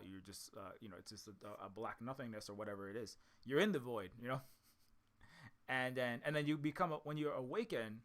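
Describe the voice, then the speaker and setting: Man from Hawaii, bright tone, middle pitch, rambling solo talk, often repeats words and restarts. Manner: repetitive, restarts often, ends points with "right?". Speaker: indie game developer talking to his audience.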